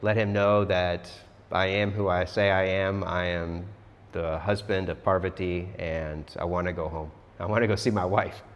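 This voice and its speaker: A man's voice: deep voice, fairly even intonation, moderate pace, big-room sound, muffled recording, slight background noise, lightly acted. A man voicing a male god who firmly and plainly reasons with others. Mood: reasoning. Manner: firm, reasoning, matter-of-fact.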